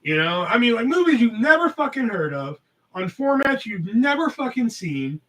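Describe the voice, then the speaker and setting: A man's voice: very high-pitched, sing-song, moderate pace, fairly bright tone, distant mic, rough recording. A man hosting a podcast, telling a rambling story in casual talk full of swearing. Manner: rambling, heavy cursing. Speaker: podcast host.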